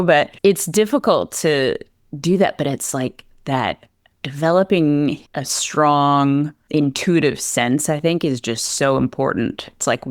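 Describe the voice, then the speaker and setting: A woman's voice: very deep voice, no room sound, studio quality. A woman who trains horses, talking casually in an interview, telling stories and acting out the people she quotes. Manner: chatty, acts out quoted voices, laughs easily.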